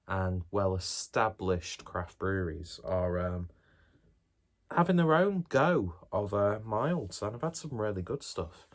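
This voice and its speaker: A fairly low-pitched man, talking through a beer review in a loose, chatty way. His delivery is wry and offhand, with casual swearing sprinkled in.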